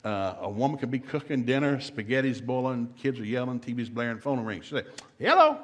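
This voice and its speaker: A man's voice: mid-range voice, quick pace. A middle-aged man giving a humorous marriage seminar talk in a folksy, joking way, acting out couples' dialogue. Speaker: guest seminar speaker.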